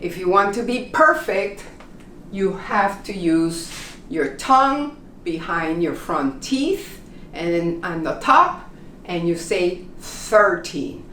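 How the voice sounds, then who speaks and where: Slow, deliberate woman teaching pronunciation. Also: on the low side, very animated, sharp tone, distant mic, slight background noise. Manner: slow, deliberate, repeats words for learners. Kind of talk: pronunciation lesson. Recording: roomy echo, voice a bit off-mic, faint ambience.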